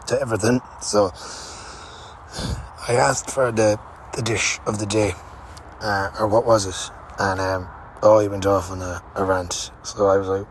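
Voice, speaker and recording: A man's voice: lowish voice, fairly even intonation, moderate pace, a little hiss or hum. A young man hosting a podcast, telling a rambling, casual travel story with fillers and the odd swear word. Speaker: podcast host. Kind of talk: casual spoken travel diary.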